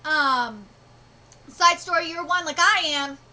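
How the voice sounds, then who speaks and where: A young woman streaming a live reaction and reading manga aloud. She is excitable, swears casually and slips in and out of character voices. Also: high-pitched, slow.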